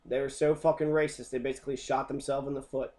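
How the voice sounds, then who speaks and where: A man's voice: mid-range voice, level tone, fast, a little mellow. A man teaching a history lesson as an angry, profane rant, swearing constantly.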